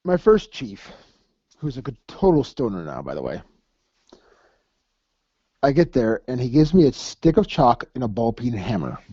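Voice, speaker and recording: A man's voice: mid-range voice, sing-song, moderate pace, long pauses, warm tone, slightly rough, dry recording, highs cut off. A man co-hosting a podcast, telling crude, laughing, profanity-laced army stories in casual chat. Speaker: podcast co-host. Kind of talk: casual storytelling.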